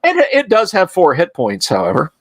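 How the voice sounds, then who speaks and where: A man's voice: high-pitched, wildly swooping pitch, moderate pace, no room sound. A man running a tabletop game on a livestream, rambling and chuckling through asides. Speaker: game master.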